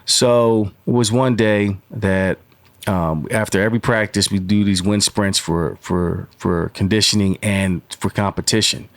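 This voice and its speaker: A man's voice: fairly low pitch, fairly even intonation, a little slow, no room sound. A man in his forties, a podcast guest, telling stories in a rambling way with many fillers. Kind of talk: casual storytelling interview.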